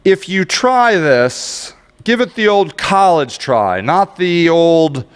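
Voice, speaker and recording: A man's voice: on the high side, animated, measured pace, clear, resonant tone, in a large hall. A man giving a casual, rambling screen-share tutorial on social media marketing, joking at his own expense and grumbling when the tool won't cooperate. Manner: rambling, self-mocking, easily frustrated.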